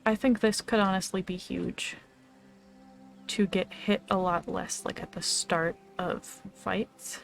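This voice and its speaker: Gravelly-voiced woman streamer chatting casually. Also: medium pitch, fairly even intonation, slow, faint music behind. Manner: chatty, talks to her pet between game moves. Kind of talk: casual gameplay commentary.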